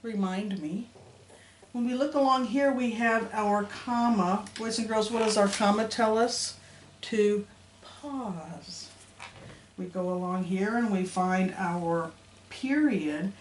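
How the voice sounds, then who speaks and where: A woman's voice: medium pitch, takes it slowly. A middle-aged woman teaching young children to read, sounding out letters and words in a patient, sing-song way. She talks unhurriedly. Her voice rings in a roomy space over a faint background hum. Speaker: elementary school teacher. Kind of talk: phonics lesson to young children.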